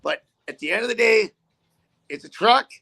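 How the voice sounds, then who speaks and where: A middle-aged man who drives trucks talks in casual chat, blunt and full of curses. His voice sits high and gravelly, with a bright edge. He rambles and often restarts his sentences. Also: lively intonation, moderate pace.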